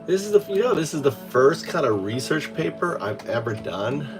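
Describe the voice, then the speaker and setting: A man chatting casually with AI assistants, rambling and halting with many restarts. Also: mid-range voice, very animated, music in the background. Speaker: host.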